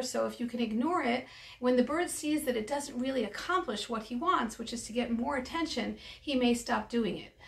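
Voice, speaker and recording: Gravelly-voiced woman vet explaining calmly. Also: fairly high pitch, recorded from a distance. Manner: calm, explanatory, practical advice. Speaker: avian veterinarian. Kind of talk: educational talk to camera.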